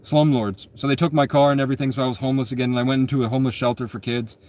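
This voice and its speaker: A man's voice: medium pitch, steady tone, very fast, a little mellow. Man, twenties, casual storyteller; rambling, profane delivery, constant self-corrections. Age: 20s.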